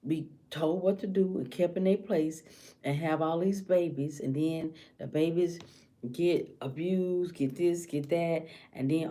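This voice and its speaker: Woman, vlogger, impassioned, dips into whispers, deep, mellow. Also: a little slow. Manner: impassioned, slips into hushed whispers acting out a scared woman's thoughts. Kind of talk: casual monologue to camera.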